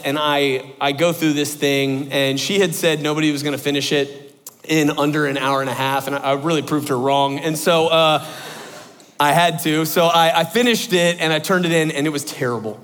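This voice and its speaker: A man telling an animated personal anecdote to an audience. He is excitable and full of fillers, and jumps into high exclamations. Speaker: speaker telling a story to an audience. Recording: echoey hall with long reverb.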